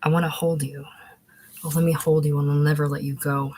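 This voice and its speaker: A woman's voice: sits low, little pitch movement, brisk, darkish tone. A woman reading as a gallant young Englishman. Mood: romantic. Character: dashing young Englishman, charming and theatrical.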